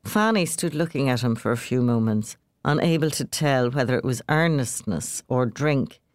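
A woman reads a short story aloud, measured and expressive, her pitch rising and falling in lively arcs. The sound is dry and close. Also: no room sound. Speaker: author reading a story. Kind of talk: literary reading aloud.

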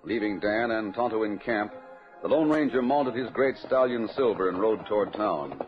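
A man narrating a 1940s radio drama in a crisp, dramatic storytelling manner. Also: fairly low pitch, lively intonation, normal speed. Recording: dull old radio broadcast with music.

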